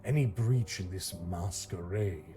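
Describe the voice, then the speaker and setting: A man's voice: deep voice, measured pace, warm tone, soft background music. A text-to-speech man voice playing a secretive older vampire hunter who lectures in a formal, solemn way. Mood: grave. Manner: portentous, lecturing delivery. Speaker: father-in-law figure.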